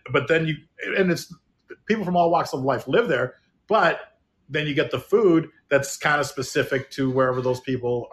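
A middle-aged man from Illinois in casual chat, reflective and rambling with many restarts. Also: mid-range voice.

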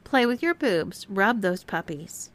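A woman's voice: mid-range voice, animated, unhurried, fairly bright tone. A woman voicing a bossy young woman who mocks and gives orders, with a teasing, commanding manner.

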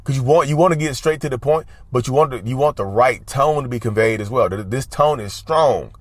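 Fast-talking and mid-range in pitch, an advice vlogger addresses his viewers casually on camera, often calling them y'all. His advice is emphatic and repetitive, and the audio has no echo.

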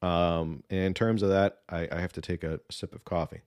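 A man with a lowish voice, recorded dry and close with no room sound. He talks through politics in a loose, rambling, opinionated way, full of ums and restarts. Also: level tone, moderate pace, a little mellow, clean tone, no echo. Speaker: political commentator. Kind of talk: casual political commentary.

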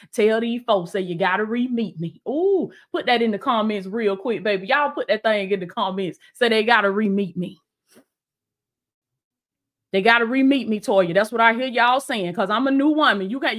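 A woman's voice: on the high side, a bit bright. A woman coach and preacher on a live stream, greeting viewers and preaching, exuberant and repetitive. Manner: exuberant, repeats lines, calls viewers "baby".

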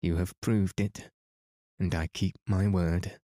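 A man voicing a strict, self-righteous older aunt who speaks primly, in a slow bedtime reading. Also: low voice, little pitch movement, mellow, no room sound, clean studio sound.

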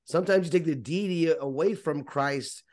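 A man in a casual faith discussion, talking haltingly with many restarts and repeated words. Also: a little high, darkish tone. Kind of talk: casual chat.

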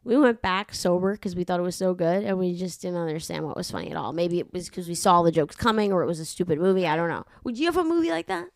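A young adult woman hosting a podcast in casual chat, animated, profane and rambling into a studio microphone. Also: fairly low pitch, quick pace, gravelly, hardly any pauses, no room sound. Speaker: podcast host.

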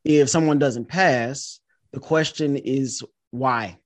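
A man hosting a podcast interview, drawing on his years as a high school teacher before asking his guest a question, often checking in with "right?". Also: slow pace, no room sound.

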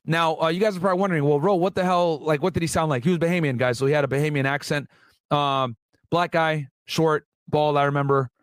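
A man's voice: on the high side, fairly even intonation, fast talker, no room sound. Chatty man telling a story, dry sound. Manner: chatty, addresses viewers as guys, slangy asides. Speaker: former federal agent telling a story. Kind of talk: casual storytelling vlog reading court transcripts.

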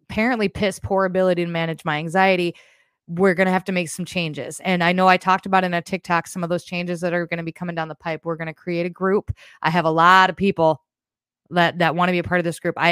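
This podcast host speaks in a low-leaning, fairly bright, smooth voice, captured in a clean studio with no room sound. Going live, she delivers a casual, rambling monologue that is candid and emotional, and she seems somewhat shaken and close to tears.

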